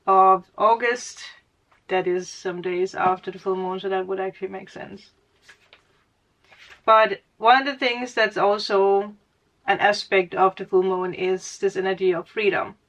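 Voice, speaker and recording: A woman working as a tarot reader gives a casual spiritual reading in a mid-range, fairly bright voice. She rambles through her guidance, laughs often, and keeps correcting her own words.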